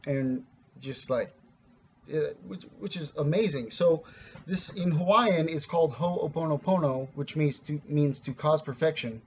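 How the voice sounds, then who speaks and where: Guy rambling about spiritual stuff, kinda high voice, swears a bit, muffled lo-fi audio. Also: measured pace, darkish tone, slight background noise. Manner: rambling and earnest, with frequent restarts and casual swearing. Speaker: spiritual teacher. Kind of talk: casual spoken teaching.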